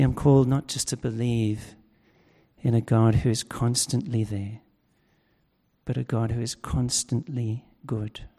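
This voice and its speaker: A male preacher, delivering a sermon in a slow, deliberate way and building in intensity on key points. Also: medium pitch, dark tone, slightly rough, long reverb tail.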